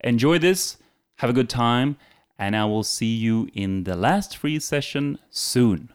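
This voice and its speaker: Lively man teaching a singing lesson. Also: medium pitch, unhurried, smooth. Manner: sings short example phrases between explanations. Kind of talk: casual video vocal lesson.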